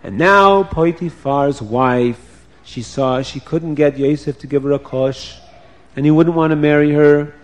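Lively male children's storyteller. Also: a little high, a little slow. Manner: lively, playful, asks the children questions. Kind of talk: animated children's story narration.

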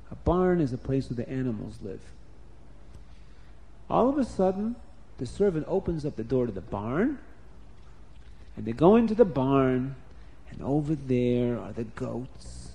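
A man telling a story to children, animated and stopping to explain words. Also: medium pitch.

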